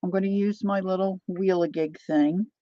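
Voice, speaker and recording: A woman's voice: fairly low pitch, steady tone, normal speed, mellow, dull audio, slight background noise. A woman chatting casually as she demonstrates a craft technique, thinking aloud while she works. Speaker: craft vlogger.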